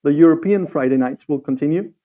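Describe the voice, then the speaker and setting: Guy co-hosting a hobby livestream, kinda high voice, stops and restarts a lot hunting for words. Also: dark tone, muffled recording. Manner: halting, searches for words. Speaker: livestream co-host. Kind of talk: casual chat.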